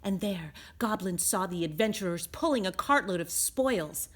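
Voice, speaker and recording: A woman reading a children's picture book aloud as a storyteller, expressive and sing-song. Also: medium pitch, moderate pace.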